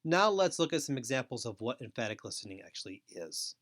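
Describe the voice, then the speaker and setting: Deliberate male lecturer. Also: medium pitch, sing-song, fairly bright tone. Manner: deliberate, repetitive phrasing. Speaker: foster care educator. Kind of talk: recorded lecture.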